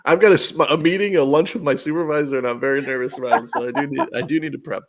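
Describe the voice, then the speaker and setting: A man's voice: mid-range voice, steady tone, racing, a little hiss or hum. A man on a casual podcast, joking and laughing between lines.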